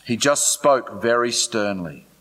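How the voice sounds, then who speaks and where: A man voicing a male eyewitness who slowly retells a strange scene in a synagogue, in a reverberant hall. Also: medium pitch, animated, fairly bright tone, pitched below the performer's own voice. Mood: awed.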